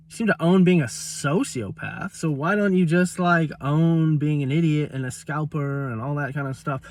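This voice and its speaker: Exasperated high-voiced man ranting. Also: lively intonation, moderate pace, recorded from a distance. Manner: heated, exasperated, swears, quotes people mockingly. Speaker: vlogger. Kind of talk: casual ranting story.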